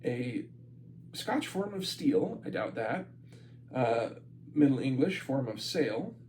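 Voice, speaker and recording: A man's voice: mid-range voice, very animated, takes it slowly, a little mellow, a little hiss or hum, poor audio. A man doing an informal reading of a book aloud, stopping for chatty asides and laughs. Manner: reads aloud, breaks off to comment and laugh. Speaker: amateur reader of a book. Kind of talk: casual read-aloud with asides.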